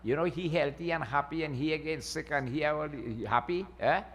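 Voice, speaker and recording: A male pundit with a slightly high voice talks at normal speed through a folksy Hindu sermon. He often asks the crowd "eh?" to keep them engaged. The recording picks up the long reverb of the temple hall where he speaks.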